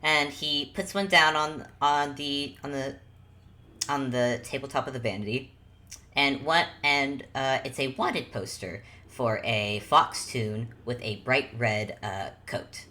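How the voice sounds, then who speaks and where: A woman with a strikingly low voice narrates as game master of a tabletop game. Her narration rambles and corrects itself as she goes, and she breaks into laughter often. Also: takes it slowly, sharp tone.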